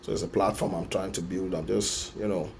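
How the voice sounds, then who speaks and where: A man's voice: sits low, steady tone, brisk, vocal fry, slight background noise. A man with a Nigerian accent delivering an impassioned vlog monologue from his office, repeating his points with emphasis and slipping into Pidgin. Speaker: vlogger. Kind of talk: personal opinion monologue.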